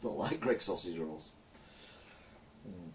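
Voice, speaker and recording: Rambling low-voiced man. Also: lively intonation, slow, a bit bright. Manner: rambling, chatty, lots of fillers. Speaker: host. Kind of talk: casual chat.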